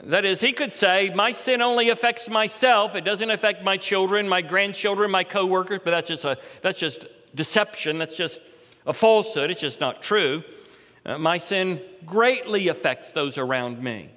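A middle-aged man delivers an expository sermon from the pulpit. His voice sits high and bright, and it climbs and swells when he stresses a line. Long reverb from the sanctuary trails each phrase. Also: moderate pace. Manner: expository preaching, rising in pitch and force for emphasis. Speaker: pastor.

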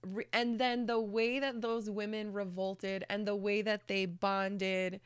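A woman's voice: medium pitch, little pitch movement, takes it slowly, clean tone, no room sound. A woman in casual chat recommending books, chatty and earnest, swearing casually and filling her talk with "like". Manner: earnest, emotional. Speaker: book vlogger.

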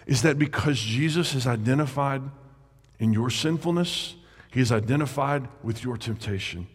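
A man preaching a sermon as a pastor. He draws his words out and lets key lines sink to a near hush. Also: medium pitch, slightly rough. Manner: slow, drawn-out delivery that sinks to a hush on key words. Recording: reverberant hall.

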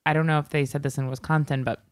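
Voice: medium pitch, little pitch movement, no room sound, studio quality. Wry co-host. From Long Island, New York. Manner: wry, quick reactions. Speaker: podcast co-host. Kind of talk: casual chat.

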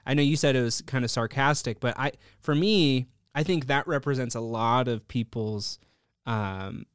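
A man hosting a podcast interview, curious and encouraging, with a quick laugh. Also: medium pitch, smooth, no echo, clean studio sound. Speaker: podcast host. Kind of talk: interview chat.

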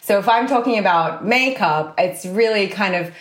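A woman's voice: medium pitch, moderate pace, echoey room. A woman from Australia with an Australian accent, chatting as a podcast guest with dry, playful humor. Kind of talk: casual chat.

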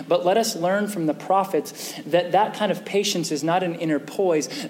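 Here a pastor with a high, slightly mellow voice delivers his sermon conversationally, frequently asking his listeners questions. The sound carries the echo of a hall along with some faint background noise.

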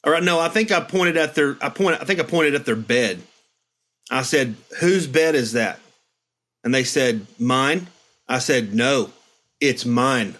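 A man's voice: medium pitch, measured pace, fairly bright tone. A middle-aged man in casual chat, reflectively telling stories and acting out quotes. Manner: reflective, storytelling with acted-out quotes. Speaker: podcast host.

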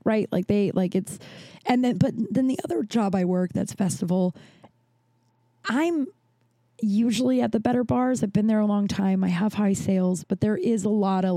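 Chatty woman, mellow dry voice. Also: mid-range voice, no echo. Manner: rambling, restarts, acts out quoted dialogue. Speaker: podcast host. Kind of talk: casual storytelling chat.

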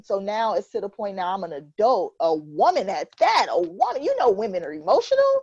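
A woman's voice: medium pitch, big pitch swings, moderate pace, few pauses, darkish tone, husky, dry recording. A woman hosts a loose group podcast conversation. She talks candidly, wanders through her thoughts and laughs easily. The sound is dry and a little muffled. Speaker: podcast host. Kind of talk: casual group podcast chat. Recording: dry, slightly dull lo-fi sound.

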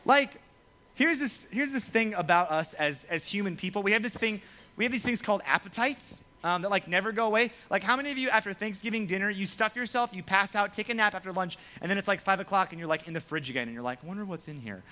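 With a voice that sits high and a quick pace, a young man serves as pastor to students, delivering a relaxed, humorous sermon. He stays lively and joking, voicing the quotes he acts out along the way.

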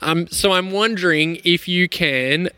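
A man hosting a church podcast, upbeat and quick to laugh as he introduces guests and questions. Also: sits high, sharp tone, smooth, no echo. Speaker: podcast host.

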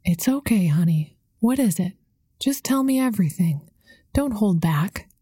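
A woman voicing a kind, calm older homeless woman who speaks soothingly. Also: mid-range voice, unhurried, slightly rough, no echo, clean studio sound. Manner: soothing, gentle, calls others honey.

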